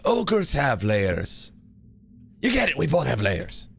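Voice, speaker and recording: Shrek, a man doing a gruff ogre. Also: mid-range voice, huge pitch swings, slow, fairly bright tone, voice pushed up, heavily acted. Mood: insistent. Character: grumpy male ogre, gruff Scottish-sounding. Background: music.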